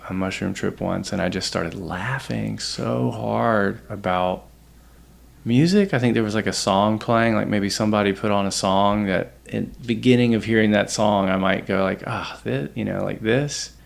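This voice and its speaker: A man talking casually as a podcast guest, reflective and halting, restarting his sentences often. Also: on the low side, creaky. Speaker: podcast guest, host's partner. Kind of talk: casual conversation.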